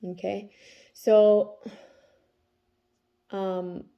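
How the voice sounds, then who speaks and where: A woman's voice: medium pitch, little pitch movement, drawn-out words, clear, resonant tone, muffled recording. A woman in her thirties, a tarot reader talking casually about her day and her kids, often checking in with "okay?" as she goes. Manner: chatty, tags lines with "okay?". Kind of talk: casual spiritual vlog talk.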